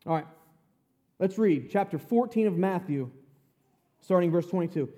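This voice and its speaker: A man's voice: sits high, expressive, normal speed, pauses often, mellow. A man teaching a casual Bible lesson who often checks in with his listeners. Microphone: handheld or stand mic at close range.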